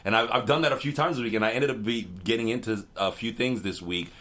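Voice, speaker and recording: A man's voice: on the low side, fast. A young man co-hosting a podcast, chatting casually and telling stories with lots of restarts. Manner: animated storytelling with restarts. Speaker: podcast co-host. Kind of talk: casual chat.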